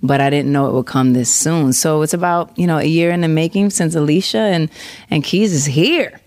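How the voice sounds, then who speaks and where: Low-voiced enthusiastic woman from New York. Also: moderate pace, darkish tone, no room sound, studio quality. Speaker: guest musician. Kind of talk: casual interview.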